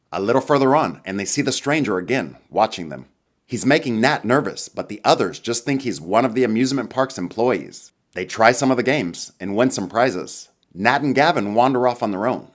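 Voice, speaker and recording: A man narrating a scripted movie summary in a lively storytelling manner. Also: mid-range voice.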